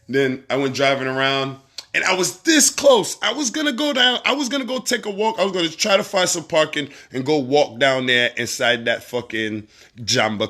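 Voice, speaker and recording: A man with a Barbadian accent hosting a casual livestream, reading viewer comments and giving shout-outs in a laid-back, profane, laughing way. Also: on the high side. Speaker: livestream host.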